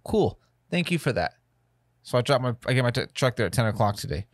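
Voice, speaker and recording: A man's voice: mid-range voice, fast, no echo. A man co-hosting a casual home-studio podcast, telling a story with lots of swearing and acting out what other people said. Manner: animated storyteller, swears a lot, acts out other people's lines. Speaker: podcast co-host. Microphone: studio mic.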